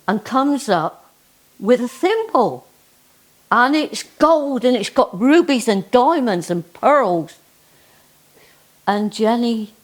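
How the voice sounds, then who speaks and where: A woman with a Cornish accent, performing a comic folk story with slow, emphatic, folksy delivery. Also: a little high. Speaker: dialect storyteller and poet.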